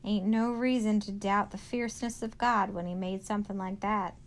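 A woman's voice: medium pitch, steady tone, moderate pace, lightly acted. Woman reading as a blunt, plainspoken older woman.

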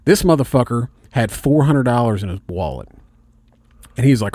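A man from Indiana telling a story in casual chat, animated and heavy on swearing. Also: mid-range voice, moderate pace, no echo, studio quality.

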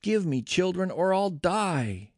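A man's voice: mid-range voice, sing-song, moderate pace, vocal fry, darkish tone, dry recording, studio quality, heavily acted. A man voicing Rachel, a jealous childless wife, urgent and pleading. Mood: desperate.

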